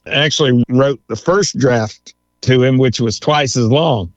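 A man, a lawyer and author, telling animated anecdotes in an interview and chuckling as he goes. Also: mid-range voice, a little slow, dry recording. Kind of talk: storytelling interview. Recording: dull, dry sound.

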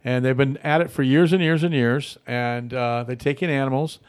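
A man's voice: medium pitch, steady tone, normal speed, clear, resonant tone, no room sound. A man hosting a casual local radio talk show, rambling and friendly with many fillers and restarts. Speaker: radio host. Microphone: studio mic.

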